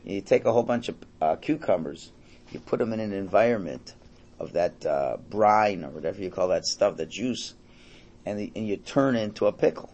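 Man, low gravelly voice, rabbi teaching a class, casual storytelling. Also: lively intonation, moderate pace, a little mellow. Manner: storytelling, conversational, quotes characters. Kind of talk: Torah class with Hasidic stories.

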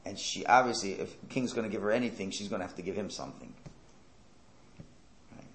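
A man's voice: lowish voice, brisk, gravelly, reverberant. A man giving a religious lecture, emphatic and full of rhetorical questions and sarcastic asides. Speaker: Torah teacher.

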